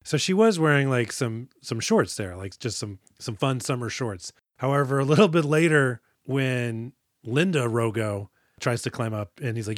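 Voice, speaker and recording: A man's voice: medium pitch, animated, moderate pace, dry recording, clean studio sound. A man co-hosting a casual movie podcast, joking, laughing often and acting out lines from the film. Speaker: podcast co-host. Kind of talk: casual movie review banter.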